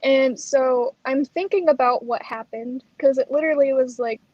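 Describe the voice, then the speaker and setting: A woman co-hosting a chat show, telling a personal story in a lively way and acting out the lines she quotes. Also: high voice, normal speed, dry recording, highs cut off. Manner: animated, acts out quoted lines. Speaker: co-host.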